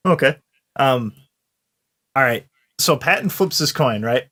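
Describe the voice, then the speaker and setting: A man at a tabletop game describes what his character does. He talks it through out loud, often stopping to restart his sentences. His voice sits at an ordinary middle pitch. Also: lively intonation, unhurried. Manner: thinks aloud with many restarts. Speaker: player. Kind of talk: tabletop role-play chat.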